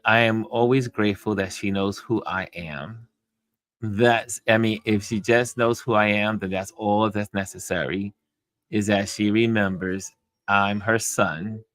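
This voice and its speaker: A middle-aged man hosting a casual livestream chat from home, talking in an easygoing, rambling way with soft laughs. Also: on the low side, fairly even intonation, measured pace, dry recording. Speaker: livestream host reading chat.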